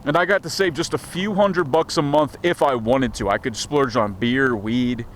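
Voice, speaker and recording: A man's voice: mid-range voice, normal speed, a little hiss or hum. A man from the United States talking casually to a handheld camera outdoors in a rambling, profane, stammering rant. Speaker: vlogger. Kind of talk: casual vlog monologue. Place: outdoors in a small town street.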